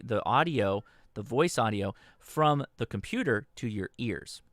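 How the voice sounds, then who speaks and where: A man talking through a radio software setup on a livestream, patient and instructional, often pausing to ask "okay?". His voice sits at an ordinary pitch and sounds dry and close, with no room echo. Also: clear, resonant tone. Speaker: host. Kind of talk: livestream tutorial. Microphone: desk microphone.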